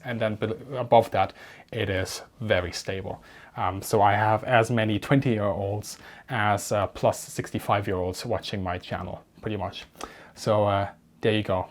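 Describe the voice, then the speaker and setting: Dry-humored man. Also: on the low side. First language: German. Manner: dry, wry and matter-of-fact, with quiet deadpan comebacks. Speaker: YouTube channel host. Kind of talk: reading and answering viewer comments.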